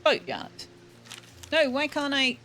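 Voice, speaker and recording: This let's-play features a woman with a high, very animated voice and a fairly bright tone, speaking slowly as soft music plays behind her. Chatty and casual, she alternates between her own asides and reading the game's text out loud.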